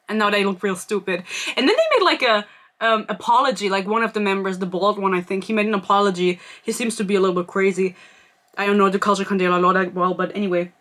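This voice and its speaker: A woman's voice: medium pitch, a little fast, fairly bright tone. A young woman from Germany hosting a podcast, telling a gossipy story in casual chat and filling her talk with "like". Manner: chatty, gossipy storytelling with frequent "like" fillers. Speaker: podcast host.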